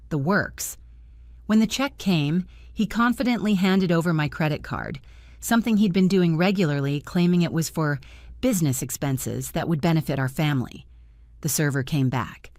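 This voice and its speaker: An older woman narrating her own story in the first person, calm and firm. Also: lowish voice, no room sound, clean studio sound.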